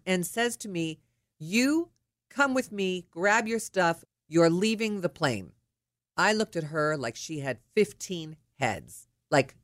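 A woman's voice: fairly low pitch, no echo, studio quality. Middle-aged woman telling an indignant story. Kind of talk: personal anecdote.

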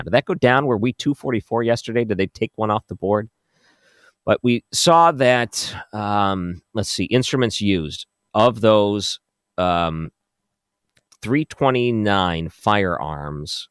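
A man's voice: sits low, dry recording, studio quality. A man hosting a late-night radio talk show, chatting casually and thinking aloud as he reads through figures. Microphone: studio microphone.

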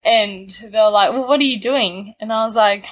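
A woman's voice: mid-range voice, normal speed. A young Australian woman in her twenties, casually telling a story, laid-back and laughing often. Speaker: guest telling a travel story.

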